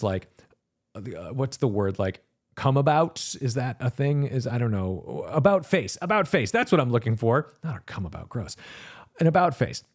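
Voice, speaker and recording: A man's voice: medium pitch, a little mellow. Rambling sarcastic male car podcaster. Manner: rambling, sarcastic, acts out mock quotes. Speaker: podcast host and car reviewer. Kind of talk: casual solo podcast monologue.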